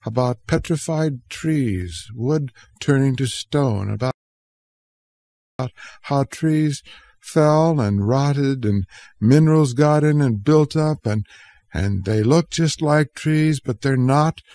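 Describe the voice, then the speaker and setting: A man's voice: fairly high pitch, a little slow, a little mellow, no echo, voice pushed up, lightly acted. A man reading a story aloud, voicing a frightened feverish young boy in a pleading, whimpering way. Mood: hesitant.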